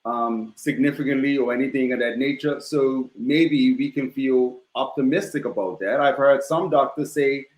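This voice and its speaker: A man speaking as a guest on a talk show, measured and steady, with frequent "you know" fillers. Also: medium pitch. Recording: roomy echo.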